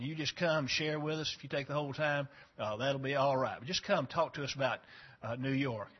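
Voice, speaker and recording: A man, a pastor introducing a guest in a church service, talking in a folksy, halting way with many fillers. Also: mid-range voice, slightly rough, muffled recording. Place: church sanctuary.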